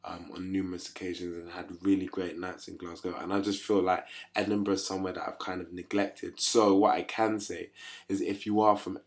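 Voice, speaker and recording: A young man speaks in a low, fairly even voice, chatting casually to the camera in his home kitchen. His delivery is easygoing and upbeat, with a friendly, apologetic promo tone. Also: brisk. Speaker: musician promoting a tour. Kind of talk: casual video diary.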